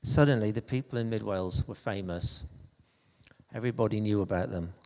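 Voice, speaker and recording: A man preaching an anecdotal sermon in a conversational, halting way, with frequent restarts. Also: on the low side, a little mellow, in a large hall.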